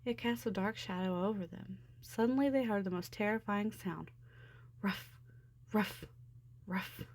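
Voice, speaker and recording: A woman narrating a children's storybook with an expressive, steady delivery. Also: medium pitch, a little fast, dry recording. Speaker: storybook reader. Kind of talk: storybook read-aloud.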